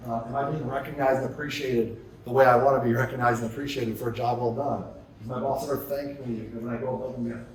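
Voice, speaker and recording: A man's voice: mid-range voice, fast talker, slight background noise. A man giving a live talk to an audience, telling stories and firing off rhetorical questions. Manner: energetic storytelling with rhetorical questions. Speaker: keynote speaker. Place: large conference hall. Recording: echoey hall, distant mic.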